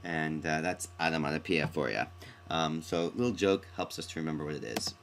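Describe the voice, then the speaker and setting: A man's voice: extremely low pitch, fairly quick, gravelly, background noise. A man teaching a recorded mini-lesson on poetic sounds, reading his examples with playful, theatrical flair.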